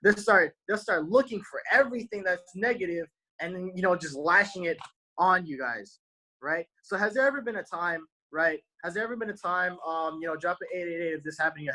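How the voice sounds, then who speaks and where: A man's voice: a little high, sharp tone, poor audio. A man giving a casual motivational talk to his viewers, using slang and tagging "right?" onto almost every point. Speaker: motivational speaker.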